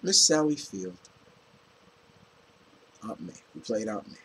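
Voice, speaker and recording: A man giving a casual, rambling movie review, animated and full of restarts and fillers. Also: on the low side, slow, slight background noise, low-quality recording.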